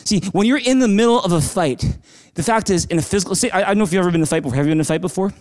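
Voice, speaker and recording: A pastor giving a conversational sermon, emphatic and repeating phrases for emphasis. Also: male voice, high-pitched, rapid-fire, a little mellow.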